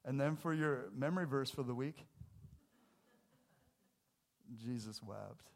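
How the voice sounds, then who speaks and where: A man preaching a sermon in a church, casual and jokey, with sudden loud, emphatic bursts. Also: medium pitch, moderate pace, vocal fry. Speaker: pastor. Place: church sanctuary.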